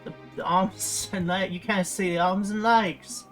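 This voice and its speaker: A woman's voice: medium pitch, steady tone, a little slow, faint music behind, lightly acted. A woman doing a put-on British guy. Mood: mocking. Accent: stereotypical British, put on. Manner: mocking impression. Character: young man with a stereotypical British accent.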